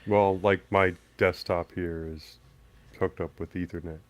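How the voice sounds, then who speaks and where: A man's voice: low-pitched, steady tone, measured pace, no room sound. A man co-hosting a podcast, chatting casually and ribbing his co-host. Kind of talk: casual chat.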